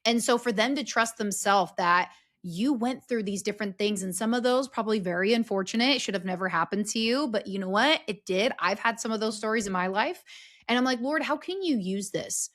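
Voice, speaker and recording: A woman's voice: medium pitch, brisk, a bit bright. A woman guest on a podcast, talking earnestly and expressively about faith and healing, acting out quoted voices as she tells stories. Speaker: podcast guest, speaker and story strategist. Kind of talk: casual conversational interview.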